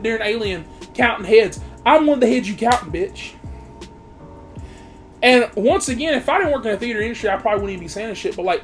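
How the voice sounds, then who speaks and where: A man reviewing a movie in a heated, profane rant, talking straight to his viewers. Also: high voice. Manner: heated, swears heavily, talks straight to viewers. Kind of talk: profane ranting monologue.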